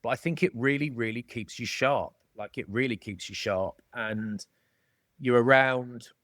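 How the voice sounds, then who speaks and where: A man's voice: medium pitch, a little slow, fairly bright tone, dry recording, studio quality. A middle-aged Englishman with a jokey, matey manner, chatting casually as a podcast guest. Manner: jokey, matey, calls people mate. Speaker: podcast guest, former rugby player. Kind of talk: casual storytelling chat.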